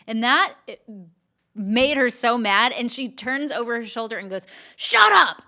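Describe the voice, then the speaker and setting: A woman's voice: fairly high pitch, moderate pace, bright, forceful tone. A woman on a podcast telling a story in a chatty way. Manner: chatty, narrates with acted quotes.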